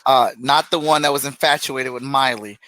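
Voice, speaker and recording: A man co-hosting a casual podcast chat, blunt and jokey, with sudden bursts of excitement. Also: mid-range voice, normal speed, no echo, low-quality recording. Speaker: podcast co-host.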